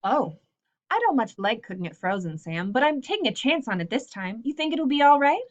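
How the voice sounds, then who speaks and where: A woman reading aloud as a sweet, falsely cheerful young wife in a story, in a bright sugary voice. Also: high-pitched, sing-song, fairly quick, highs cut off, voice pushed up.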